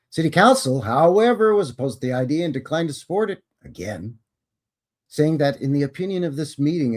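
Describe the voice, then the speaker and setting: A man of middle pitch hosts a live show, reading history passages aloud in a casual way. He keeps breaking off for wry, sarcastic remarks and quick self-corrections before he carries on reading. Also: a little mellow, slightly rough. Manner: wry, sarcastic ad-libs between read passages.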